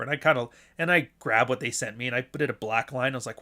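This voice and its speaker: A man's voice: medium pitch, fast talker, hardly any pauses, bright, forceful tone. Blunt, profane man ranting on stream. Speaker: podcast host. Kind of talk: casual livestream monologue.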